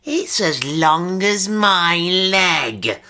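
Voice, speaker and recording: A man's voice: fairly high pitch, big pitch swings, takes it slowly, vocal fry, pushed and bright, voice pushed up, heavily acted. A man reading a children's storybook aloud, voicing a smug schoolgirl who teases in a sugary, taunting way. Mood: smug teasing.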